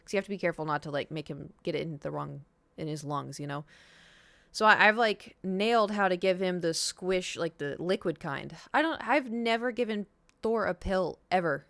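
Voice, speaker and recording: A young woman streaming at a normal pace spins a long, wandering tale, performing the quoted dialogue and dropping occasional swear words. Her voice is lowish, creaky and a bit bright, and the recording is dry.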